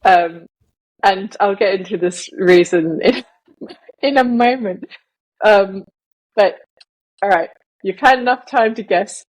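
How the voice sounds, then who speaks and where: A woman's voice: mid-range voice, slow, long pauses, poor audio. A woman raised in Malaysia who speaks with a Southern English accent, co-hosting a casual podcast in a rambling way with frequent laughs. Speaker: podcast co-host.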